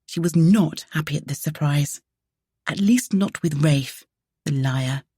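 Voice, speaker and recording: A woman narrating a romance audiobook in a measured, even way. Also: low-pitched, slightly rough, dry recording, clean studio sound.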